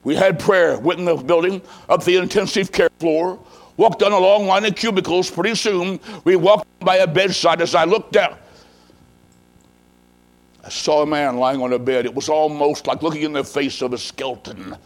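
High-voiced dramatic man preaching. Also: moderate pace, poor audio. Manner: dramatic, swings from hushed to shouting. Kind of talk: sermon storytelling.

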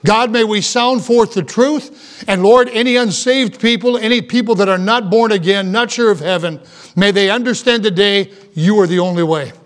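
A middle-aged pastor preaching a sermon. He has a high-pitched voice. His delivery is earnest and emphatic, and he hammers points home through repetition. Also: normal speed.

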